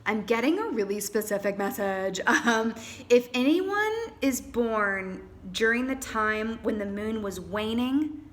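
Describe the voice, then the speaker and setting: A woman's voice: fairly high pitch, measured pace. Chatty, theatrical woman reading tarot. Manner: chatty and animated, calls viewers honey and darlings; theatrical, trained stage performer. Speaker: tarot reader. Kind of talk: casual tarot reading to camera.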